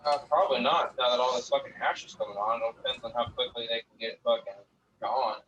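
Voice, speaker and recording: A guest grower talks casually and profanely about growing on a livestream, rambling through numbers and stories. His mid-range voice is fast and fairly bright, picked up by a distant lo-fi mic with faint noise.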